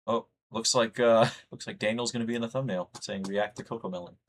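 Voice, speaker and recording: A man's voice: lowish voice, steady tone, brisk. A young man from the United States chatting casually with his livestream chat, rambling and reading messages aloud. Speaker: streamer.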